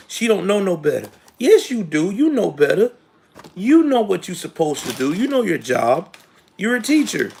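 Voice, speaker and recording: A man in his late thirties hosting a live commentary show, speaking in a somewhat high voice. He rants in casual, slangy talk straight to his viewers, often rising into indignant outbursts. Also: vocal fry, a little mellow, a little hiss or hum. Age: late 30s.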